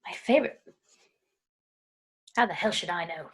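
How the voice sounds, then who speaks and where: A woman's voice: on the low side, lively intonation, normal speed, background noise. An American woman co-hosting a casual video-call chat, playful and often laughing. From United States. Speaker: co-host.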